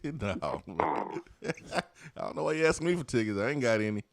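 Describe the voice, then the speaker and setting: A man's voice: medium pitch, animated, normal speed, gravelly, no room sound. A man co-hosting a sports radio show, playful and laughing often, repeating catchphrases. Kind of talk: casual sports talk chat.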